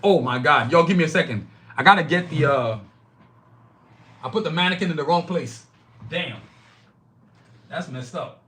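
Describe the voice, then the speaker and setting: Brash, bright-voiced man ranting on a live stream. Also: on the high side, moderate pace, pauses often, slight background noise. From Nigeria. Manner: emphatic, blunt and profane, talks straight to chat. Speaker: podcast host. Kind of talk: live-streamed solo podcast rant.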